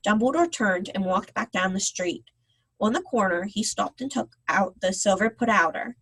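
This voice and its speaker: A woman reading a children's book aloud on a live video call, with a gentle, expressive manner. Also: medium pitch, normal speed, slightly rough, rough recording. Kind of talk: read-aloud storytelling.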